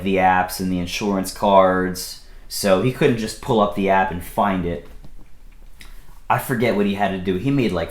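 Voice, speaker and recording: A young man from Pennsylvania casually telling a personal story, rambling along with lots of fillers and restarts. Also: on the low side. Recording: echoey room.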